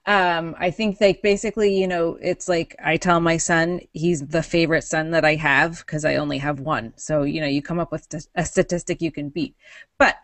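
A woman's voice: deep voice, fairly even intonation, normal speed, hardly any pauses, dry recording. A middle-aged woman co-hosting a casual tech podcast, chatty and giggly, often breaking off mid-sentence. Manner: giggly, chatty, self-interrupting. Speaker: podcast co-host.

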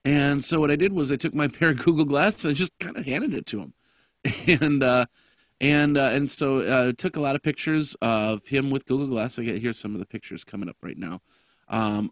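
A man hosting a casual tech podcast, his voice raspy and hoarse from a cough, rambling with lots of fillers and restarts. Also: mid-range voice, fairly quick, dry recording, clean studio sound. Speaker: podcast host.

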